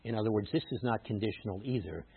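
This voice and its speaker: Preaching man, rising loud on key words. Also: fairly low pitch, quick pace, gravelly, husky. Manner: emphatic, rises loud on scripture quotes, teacherly asides. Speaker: rabbi. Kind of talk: sermon. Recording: muffled phone-like sound.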